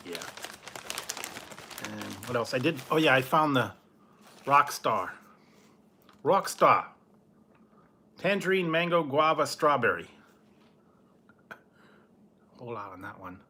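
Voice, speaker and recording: A man's voice: mid-range voice, sing-song, takes it slowly, long pauses, pushed and bright, a little hiss or hum. A man reviewing snacks in a laid-back, casual way, chuckling often and trailing off mid-sentence. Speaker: food review vlogger.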